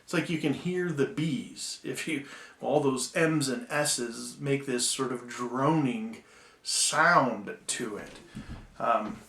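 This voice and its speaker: A man giving a recorded Bible-school lecture, measured and full of ums and restarts, slowing down to read poems aloud. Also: mid-range voice, fairly bright tone, roomy sound.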